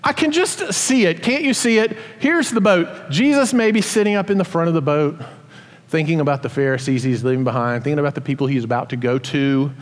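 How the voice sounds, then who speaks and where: A man preaching a sermon, telling stories animatedly and acting out voices in quick asides. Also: fairly high pitch, long reverb tail. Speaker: pastor.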